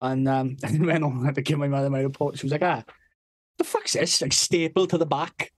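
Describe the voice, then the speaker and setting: A man's voice: mid-range voice, steady tone, fast talker. A young man telling a school story in casual podcast chat, swearing constantly, laughing and acting out what others said. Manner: sweary, giggling, acts out quotes. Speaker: podcast co-host.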